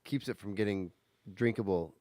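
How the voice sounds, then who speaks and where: A married man co-hosting a morning radio show, relaxed and jokey in casual banter. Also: lowish voice, moderate pace, no room sound. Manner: relaxed and jokey, short affirmations. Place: radio studio. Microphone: studio microphone.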